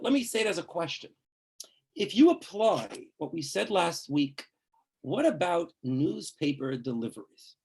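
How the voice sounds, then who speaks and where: A man's voice: a little high, slightly rough. A man, a rabbi, teaching a class on religious law in a conversational, emphatic way, full of asides and rhetorical questions.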